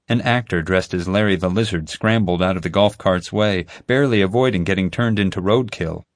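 A man reading a first-person novel aloud as an audiobook narrator, in an even storytelling manner. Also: sits low, a little fast, hardly any pauses, no room sound, clean studio sound.

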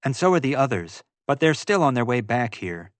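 A man voicing an earnest young woman who talks in a hurried way. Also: mid-range voice, big pitch swings, dry recording, close to an everyday voice.

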